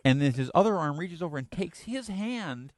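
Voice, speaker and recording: A man guest on a talk show, telling lively anecdotes, acting out what people said and laughing often. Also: fairly high pitch, normal speed. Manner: animated storyteller, acts out quotes, laughs often. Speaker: guest musician and actor. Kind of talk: telling anecdotes in casual chat.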